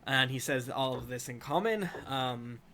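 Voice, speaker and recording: A man's voice: medium pitch, animated, measured pace, bright, forceful tone. A man narrating a tabletop game as dungeon master, rambling and filling gaps with ums and uhs. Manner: rambling, full of fillers.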